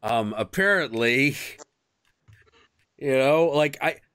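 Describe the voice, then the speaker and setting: A man hosting a loose, profane chat, telling stories and jumping into squeaky voices for the characters. His pitch swings widely and the sound is very dry and close. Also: slow, smooth, dry recording. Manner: crude, animated storytelling with sudden high squeaky impressions. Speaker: host. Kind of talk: casual chat.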